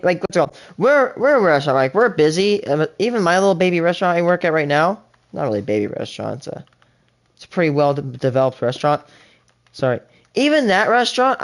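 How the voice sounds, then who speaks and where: A live streamer reacting to a TV show in rambling, indignant casual commentary, often restarting sentences. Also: medium pitch.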